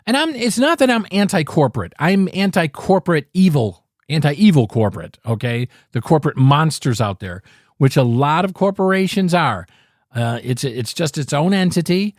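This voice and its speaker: A man's voice: fairly high pitch, lively intonation, normal speed, a little mellow, no room sound, clean studio sound. A man in his fifties hosting a podcast, giving a blunt and candid opinion monologue, emphatic and profane, often restarting his phrases. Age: 50s. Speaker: podcast host.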